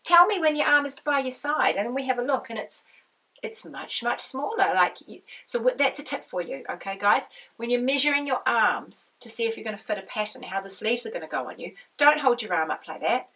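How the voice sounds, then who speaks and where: A woman with a croaky voice, chatting casually as host of a knitting podcast and wandering off on tangents. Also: fairly high pitch, lively intonation, a little fast, fairly bright tone, recorded from a distance, poor audio. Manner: chatty, rambling, goes off on tangents. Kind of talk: casual chat to camera.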